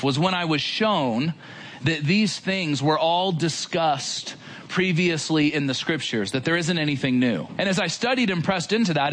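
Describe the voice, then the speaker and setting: A man preaching a sermon in an animated, conversational way, full of rhetorical questions. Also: high voice, a little hiss or hum.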